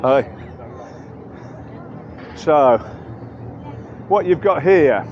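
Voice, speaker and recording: A man's voice: on the high side, lively intonation, very slow, dull audio, slight background noise. Chatty English man vlogging outdoors. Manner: chatty, rambling, self-correcting. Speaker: travel vlogger. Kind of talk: walking tour commentary. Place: outdoors in busy market streets and a boat station.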